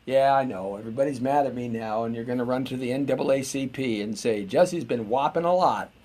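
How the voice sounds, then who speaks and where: A man's voice: medium pitch, steady tone, fast, mellow. A middle-aged American man hosting a live-streamed show, rambling in a chatty, meandering way with lots of filler words and restarts. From United States. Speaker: host.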